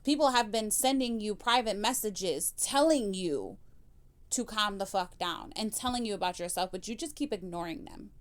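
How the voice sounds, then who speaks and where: A woman's voice: medium pitch, moderate pace. A woman hosting a reaction commentary channel, blunt and scolding, swearing freely as she answers clips.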